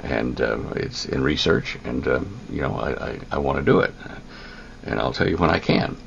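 Gravelly low-voiced older man. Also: animated, a bit bright, muffled recording, slight background noise. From United States. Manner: halting, full of ums and restarts. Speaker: interviewee. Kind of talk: telling a personal story.

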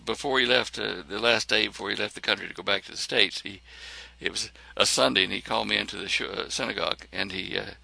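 A man telling a personal story in a lively way, acting out the lines of the people in it. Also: on the low side, fast, vocal fry, hardly any pauses, dry recording. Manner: animated, acts out other people's lines.

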